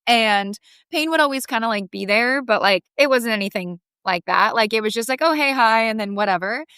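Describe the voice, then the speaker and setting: A young woman guest on a podcast, telling a personal story in a heartfelt, animated way with lots of "like". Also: a little high, a little fast, smooth, no echo.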